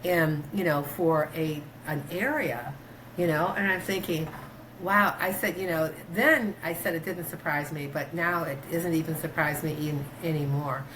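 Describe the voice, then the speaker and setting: A woman doctor talking in a casual interview, rambling through stories with many fillers and restarts, her pitch jumping when she quotes herself. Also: normal speed, slight background noise, low-quality recording. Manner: animated, pitch jumps when quoting herself. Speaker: guest, doctor.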